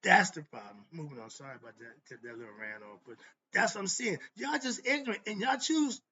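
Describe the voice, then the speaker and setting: A man's voice: high voice, brisk, bright, forceful tone, highs cut off, a little hiss or hum. A man hosting a philosophy monologue, talking in casual slang and ranting fiercely as he preaches. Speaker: host.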